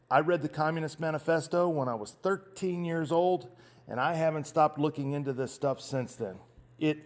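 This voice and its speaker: A man in his fifties hosting a show, talking in an impassioned, emphatic monologue that often restarts its sentences. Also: mid-range voice. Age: 50s. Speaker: show host. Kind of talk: monologue commentary.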